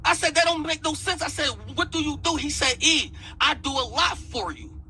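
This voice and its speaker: A man's voice: very high-pitched, moderate pace, bright, forceful tone, faint music behind, rough recording. A man heatedly retelling an argument, repeating "I said" as he goes. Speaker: battle rap league owner. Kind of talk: heated storytelling in an interview.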